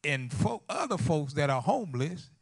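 A man preaching a sermon. He rises to loud, fervent lines and drops to hushed, near-whispered storytelling, repeating phrases for emphasis. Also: fairly high pitch, big pitch swings, moderate pace, slightly rough.

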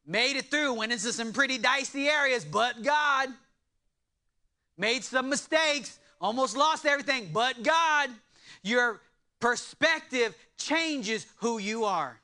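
High, bright-voiced man preaching. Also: takes it slowly. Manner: animated preaching with joking asides. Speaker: pastor. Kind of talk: sermon.

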